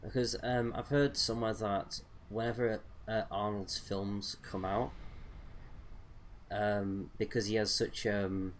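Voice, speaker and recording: A young man with an English accent chats loosely while he plays, wandering between thoughts with plenty of ums and uhs. His voice sits low and deep. A faint background hiss runs under the recording. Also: flat delivery, slow pace. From England. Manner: rambling, hesitant, many fillers. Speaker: gaming streamer. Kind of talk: casual chat while playing a game.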